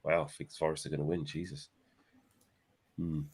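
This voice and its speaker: A man's voice: a bass voice, little pitch movement, normal speed, husky. A young man, co-hosting a fan livestream, reading out live comments and joking with playful slang. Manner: banterous, playful, uses slang like "my son" and "innit". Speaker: co-host of fan channel livestream.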